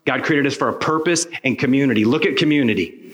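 A man's voice: medium pitch, fast talker. Man preaching a vivid story. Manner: animated storyteller acting out dialogue. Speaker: pastor. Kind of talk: sermon storytelling.

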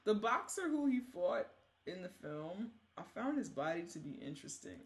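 A woman's voice: lowish voice, very animated, moderate pace. A young woman co-hosting a podcast in casual chat, teasing and laughing often. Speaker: podcast co-host.

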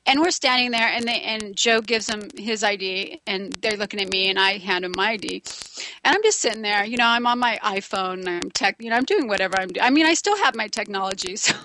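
Bright-voiced woman chatting, laughs a lot, does the voices in her story, bit of noise behind. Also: medium pitch, brisk, poor audio. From Los Angeles. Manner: animated, laughs often, acts out quotes. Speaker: storyteller guest. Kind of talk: casual storytelling.

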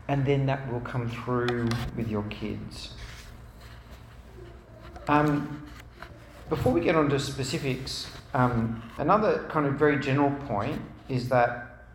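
A man's voice: medium pitch, slight background noise. A man giving an earnest church talk to parents, telling stories and piling up examples in long lists. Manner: earnest, storytelling, repetitive lists. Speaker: speaker at a parents' meeting. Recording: roomy hall with faint ambience.

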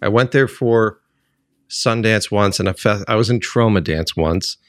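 A man hosting a podcast in casual chat, rambling with fillers and restarts, tired and slow from a late night. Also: lowish voice, no room sound, studio quality. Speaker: podcast host.

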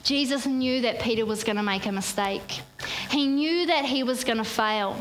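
A woman's voice: on the high side, moderate pace, slight background noise. A woman preaching a sermon at a church service, drawing the congregation into call-and-response. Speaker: pastor.

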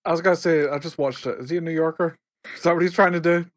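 A man's voice: on the high side, steady tone, quick pace. A man co-hosting a casual gaming podcast, talking wryly and making jokes. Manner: wry, joking. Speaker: podcast co-host. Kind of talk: casual gaming news chat.

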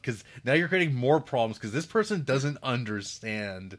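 A man's voice: medium pitch, animated, a little fast, few pauses, a bit bright, a little hiss or hum. A man in casual chat, rambling and swearing, often laughing as he vents. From western Canada.

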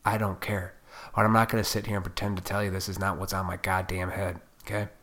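A man's voice: low voice, level tone, quick pace, a bit bright. A man hosting his own podcast, ranting profanely and combatively, now and then mocking other people in put-on voices. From Illinois. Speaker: podcast host.

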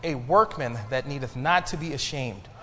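A male pastor preaching a sermon to his congregation, building emphasis and pausing for responses. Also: mid-range voice, a bit bright, big-room sound. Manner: preaching with rising emphasis and call-and-response pauses. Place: church sanctuary.

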